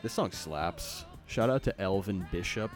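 Crude, rambling man, lively pitch. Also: unhurried, music in the background. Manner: crude, joking, mumbles to himself while browsing. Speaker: podcast host. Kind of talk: casual solo comedy podcast rambling.

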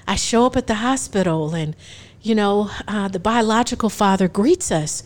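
This is a woman in her forties with a mid-range voice and a moderate pace, telling an audience her personal testimony. She brings the story to life by acting out the dialogue, and laughter often breaks in between lines.

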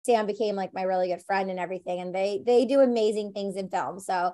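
A woman actress talking through an interview in a chatty, animated way. She leans on "like" and "you know" as she tells her stories, at an ordinary middle pitch for a woman. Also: fast talker. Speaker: actress guest. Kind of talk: conversational interview.

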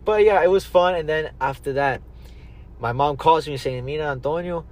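A man's voice: fairly high pitch, moderate pace. A young man hosting a casual podcast, rambling through stories, quoting people and swearing freely. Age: young adult. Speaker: podcast host. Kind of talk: casual chat, storytelling.

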